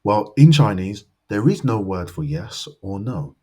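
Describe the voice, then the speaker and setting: A man teaching a language lesson, explaining grammar step by step and slowly modeling example sentences. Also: on the low side, sing-song, dark tone, breathy edge.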